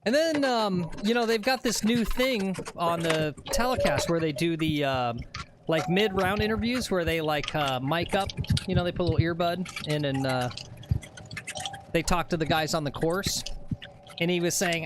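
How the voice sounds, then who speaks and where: A rambling, chatty man hosts a casual livestream, reading out viewer comments between stories. His voice sits a little above the usual male range. Steady noise runs under his voice. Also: fairly high pitch, normal speed. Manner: chatty, rambling, reads chat aloud. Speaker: livestream host.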